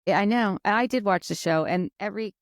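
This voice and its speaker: A woman co-hosting a podcast, chatting casually and retelling scenes in an animated way. Her voice sits in a middle pitch range. The recording is close and dry, with no room sound. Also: quick pace, no room sound. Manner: chatty, recaps scenes and acts out quotes. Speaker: podcast co-host. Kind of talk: casual chat.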